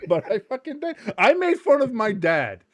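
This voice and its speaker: A man hosting a live match watch-along in casual chat. He gets excited easily, swears freely, laughs often and shouts at big moments. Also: very high-pitched, unhurried, dry recording.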